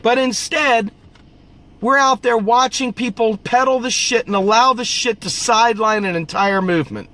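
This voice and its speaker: Guy venting hard, sharp bright voice, cusses a lot, keeps repeating himself. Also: extremely high pitch, moderate pace. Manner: blunt, profane and preachy, repeats phrases for emphasis. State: coughing at times. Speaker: political video host. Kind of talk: impassioned ranting vent session.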